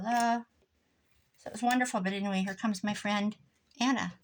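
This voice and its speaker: A woman's voice: on the high side, slight background noise. A woman, chatting through a rambling family story while she works on a craft project at home. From Iowa, USA. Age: 60s. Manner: rambling, animated anecdotes with asides about the craft. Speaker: crafting vlogger. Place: home craft desk indoors.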